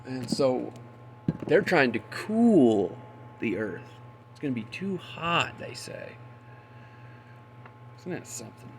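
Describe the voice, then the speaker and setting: A man rants in a loose, rambling monologue, swearing freely and getting worked up. His voice has a gravelly edge at a middle pitch. A faint hiss sits under the recording. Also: sing-song, slow pace, long pauses. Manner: profane, indignant, loses his train of thought. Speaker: conspiracy commentator.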